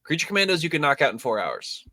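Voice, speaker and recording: Excited young man on a dry mic. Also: fairly high pitch, fast, dry recording. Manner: enthusiastic, says dude. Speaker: podcast host. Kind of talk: casual chat.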